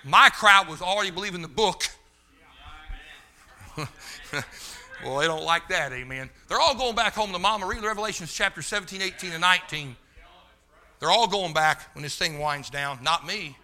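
A man preaching a sermon in a fervent, folksy way, talking straight to the room and rising to shouts. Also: sits high, moderate pace, pauses often. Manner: loses his place, talks to the room.

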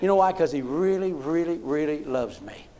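A man's voice: on the high side, animated, moderate pace, mellow. A man preaching a folksy sermon, often asking his congregation "Huh?".

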